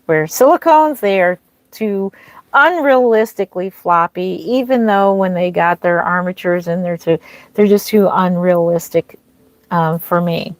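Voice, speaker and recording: A woman's voice: on the low side, measured pace, no room sound. A woman streaming live as a reborn doll artist, chatting casually, greeting viewers and answering their comments with frequent ums and restarts.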